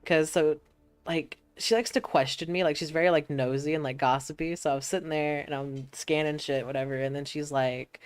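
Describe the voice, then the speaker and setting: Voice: mid-range voice, fairly even intonation, brisk, clear, resonant tone, no room sound. A young adult streamer from Georgia, chatting casually, swearing freely and telling stories. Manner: laid-back, swears freely, tells stories in quoted voices. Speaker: streamer host. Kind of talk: casual chat.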